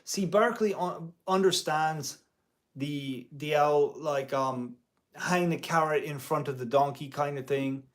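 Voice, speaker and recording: A man who teaches music part-time talks straight to his camera. He rambles in an indignant tone, and his voice sits a little high. He speaks slowly and takes his time. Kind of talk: casual to-camera commentary.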